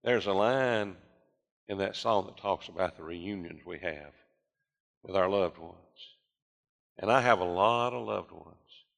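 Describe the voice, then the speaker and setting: Older male pastor, low bright voice, preaching with rising fervor in a big reverberant sanctuary. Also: unhurried, creaky, pauses often. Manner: preaching with rising fervor, voicing listeners' objections. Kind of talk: sermon. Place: church sanctuary. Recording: long reverb of a church hall.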